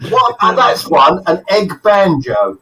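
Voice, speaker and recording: A man's voice: high voice, big pitch swings, slow, far from the mic, a loud crowd, low-quality recording. A man chatting on a live stream, joking and teasing with old army slang. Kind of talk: casual live-stream chat.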